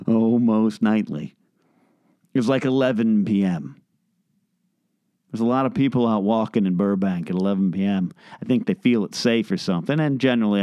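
Exasperated man ranting, smooth dry voice. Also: dark tone, dry recording. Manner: exasperated, sarcastic, mimics beeping in a high squeal. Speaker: podcast host. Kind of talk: comedic solo rant. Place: home bedroom.

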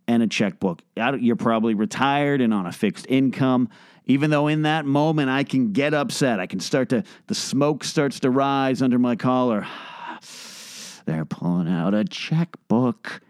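Exasperated man ranting, smooth dry voice. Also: a little mellow, dry recording. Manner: exasperated, sarcastic, mimics beeping in a high squeal. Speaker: podcast host. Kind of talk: comedic solo rant. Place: home bedroom.

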